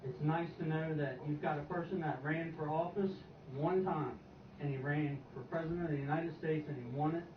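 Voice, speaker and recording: A man's voice: fairly high pitch, fairly even intonation, brisk, recorded from a distance. A man being interviewed outdoors on the news, talking plainly and with strong opinions. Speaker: interviewee at a rally. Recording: TV audio played in an echoey room, heard from afar, dull and noisy.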